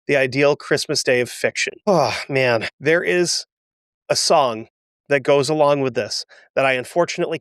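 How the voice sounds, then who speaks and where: Brief: male podcast host, slightly high voice, reads history aloud with candid personal asides, dry close mic. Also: fairly bright tone, no echo. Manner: emotional, self-deprecating asides between readings. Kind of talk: reading a historical account with asides.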